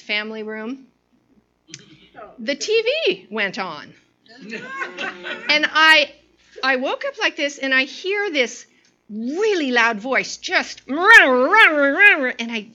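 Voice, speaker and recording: A woman's voice: on the high side, pushed and bright, muffled recording. A woman giving an informal sermon to a women's group, telling a personal story full of fillers and restarts before reading scripture. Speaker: women's ministry speaker.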